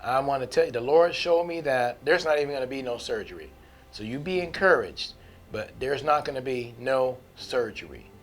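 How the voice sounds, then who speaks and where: A woman's voice: a bass voice, lively intonation, moderate pace, faint music behind. A man putting on the voice of an older churchgoing woman who kindly reassures a young man. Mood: reassuring.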